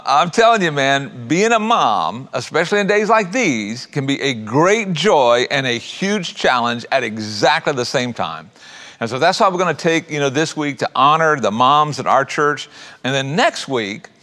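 A man's voice: on the high side, sharp tone, big-room sound. A middle-aged man preaching a sermon as pastor, folksy and conversational, often dropping in "man" and "uh".

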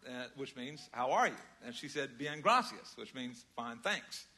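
An older man preaching a sermon, conversational and storytelling, moving between loud emphasis and quiet asides. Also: mid-range voice, lively intonation, unhurried, breathy edge. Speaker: pastor.

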